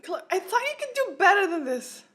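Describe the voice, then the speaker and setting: A woman's voice: very high voice, sing-song, a little fast, sharp tone, soft background music. A woman hosting a reaction video, chatty and laughing, talking back to the screen. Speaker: reaction channel host. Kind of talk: casual reaction commentary.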